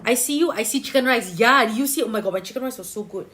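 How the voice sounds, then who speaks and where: A woman's voice: fairly high pitch, expressive, quick pace, fairly bright tone. A woman giving a livestream tarot reading, talking bluntly and chattily to viewers. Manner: blunt, chatty, peppered with "lah" and "leh" particles. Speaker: tarot reader.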